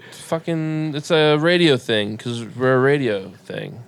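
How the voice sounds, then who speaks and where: A man's voice: mid-range voice, expressive, a little slow, gravelly, smooth. A young man co-hosting a casual podcast, talking loosely and rambling, with the odd swear word. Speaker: podcast co-host. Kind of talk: casual chat.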